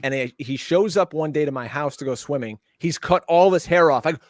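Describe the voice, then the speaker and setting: A man hosting a sports podcast with upbeat, chatty banter and quick promotional plugs over what sounds like a video call. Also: a little high, no room sound, studio quality. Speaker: podcast host. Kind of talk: lively show hosting, casual banter.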